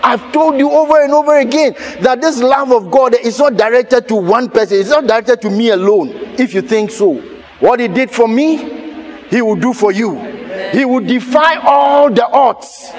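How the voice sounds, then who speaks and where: A man preaching a sermon, telling a personal story with animated laughter and sudden shouted lines. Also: very high voice, normal speed.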